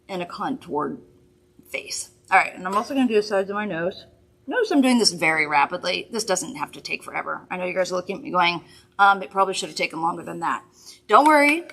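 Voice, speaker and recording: A woman hosting a live makeup demonstration from a studio, chatty, upbeat and reassuring as she works. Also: medium pitch. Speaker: makeup host.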